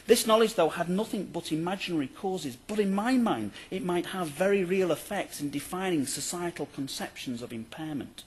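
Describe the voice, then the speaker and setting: A male university lecturer reading out a prepared academic paper in a formal, measured way, with the odd dry aside. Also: high voice, lively intonation, slight background noise.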